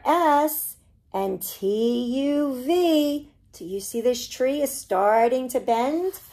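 A woman, a children's librarian, reading a picture book aloud to preschoolers with animated, singsong storytelling. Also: fairly high pitch. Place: library program recorded for online viewing.

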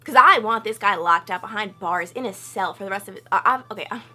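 A young woman vlogging, telling a story in a chatty, animated way and acting out quotes with loud high outbursts. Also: fast talker, faint music behind. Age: young adult. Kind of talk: casual storytelling vlog.

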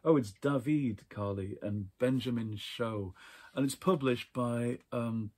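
A man casually chatting about books from his shelves, rambling warmly with fillers and small laughs. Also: medium pitch, takes it slowly. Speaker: book vlogger. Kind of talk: casual book chat and reading aloud.

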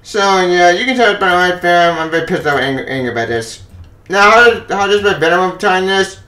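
A man giving a furious, profane rant on a comics news vlog, often shouting. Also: high-pitched, animated, brisk. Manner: angry, profane ranting with frequent shouting. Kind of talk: ranting opinion vlog. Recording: echoey room, voice off-mic.

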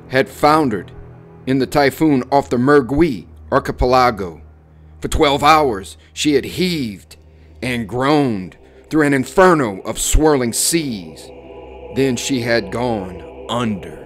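A man narrating a horror story in a measured, suspenseful dramatic reading. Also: mid-range voice, lively intonation. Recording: faint music under the voice.

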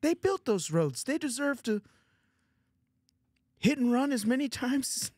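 A man putting on an impression of a lecturing Canadian male pundit with a high, nasal, Kermit-like whine. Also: big pitch swings, unhurried, a little mellow, husky, no room sound, full character voice. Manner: lecturing, preachy and indignant.

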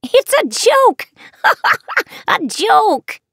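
A woman's voice: medium pitch, wildly swooping pitch, slow pace, vocal fry, a bit bright, slightly rough, no room sound, clean studio sound, exaggerated voice. A woman voicing a teasing, cackling wicked witch in an audiobook. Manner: cackling, theatrical.

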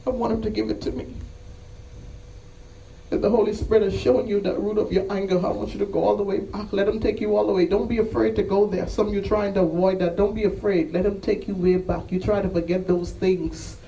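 High-pitched guy preaching hard, keeps repeating himself, sounds kinda far from the mic. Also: fairly even intonation, a little fast, warm tone. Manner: impassioned, repetitive, rising emphatic cries. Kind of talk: sermon with altar call. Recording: voice from a distance off the mic.

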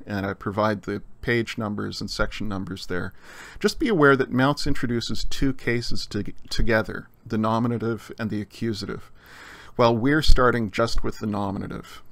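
A male teacher gives a recorded grammar lesson in a measured, explanatory way, pausing with frequent fillers. His mid-pitched voice has a gravelly edge. The sound is dry and close, with no room around it. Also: a bit bright, no echo. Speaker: Greek teacher. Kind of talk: recorded lecture.

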